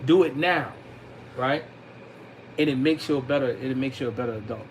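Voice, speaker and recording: A man teaching a religious class to young students in a relaxed, slangy way, mixing recited Arabic phrases into his English explanations. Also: medium pitch, moderate pace, slight background noise, poor audio. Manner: colloquial, slangy, addresses youths directly.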